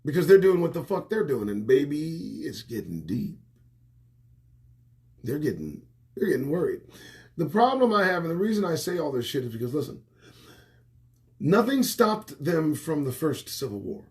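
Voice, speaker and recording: Male host, high lively voice, profane livestream rant, loud bursts and mutters. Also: moderate pace, pauses often. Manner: animated, swearing, swings between loud outbursts and muttered asides. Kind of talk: profane political rant to camera. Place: small indoor home set. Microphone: phone or webcam livestream.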